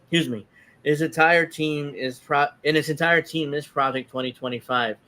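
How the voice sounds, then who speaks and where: A man's voice: on the high side, fairly even intonation, moderate pace, sharp tone. Sarcastic man hosting a political talk show. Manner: sarcastic, reads tweets aloud in mocking voices. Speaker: podcast host. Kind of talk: casual political commentary.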